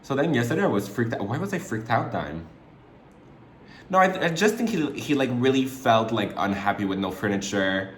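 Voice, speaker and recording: A man chatting through a makeup tutorial at home, gossipy and rambling, with sudden loud squeals. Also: mid-range voice, expressive, normal speed, a little hiss or hum. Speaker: makeup vlogger. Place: room at home, alone. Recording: echoey room, faint ambience.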